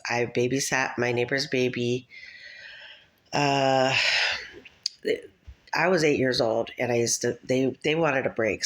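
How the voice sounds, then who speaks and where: A mother in her thirties vlogs directly to her viewers in a scattered, rambling monologue, often breaking into laughter. Her voice is bass, and the audio quality is poor.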